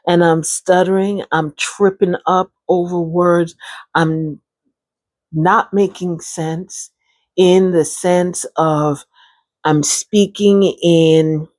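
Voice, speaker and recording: A woman talking casually about her own life, chatty and expressive, laughing often and speaking straight to her listeners. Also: fairly low pitch, dry recording. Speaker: vlogger sharing her brain injury recovery. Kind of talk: casual personal storytelling to camera.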